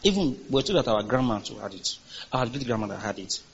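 A man's voice: medium pitch, sing-song, a little fast, creaky, breathy edge, muffled recording. A man preaching a sermon as pastor, emphatic and calling for responses from the congregation.

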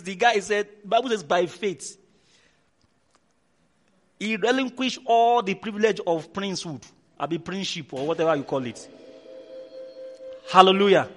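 A man with a Nigerian accent preaching as a pastor, telling stories with lots of energy and loud repeated calls. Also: sits high. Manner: animated storytelling, shouting repeated commands. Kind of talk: sermon.

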